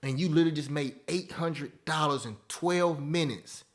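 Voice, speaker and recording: A man in his thirties hosting a live webinar, talking in an animated, preachy way that repeats phrases and keeps asking "right?" and "okay?". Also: a little high, moderate pace. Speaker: webinar host teaching stock options. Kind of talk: live webinar talk, motivational.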